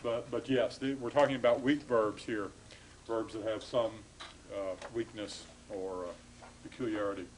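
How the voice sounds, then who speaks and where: A man's voice: on the low side, steady tone, unhurried, a little hiss or hum, poor audio. A man giving a classroom lecture to students, explaining patiently with frequent hesitations and restarts.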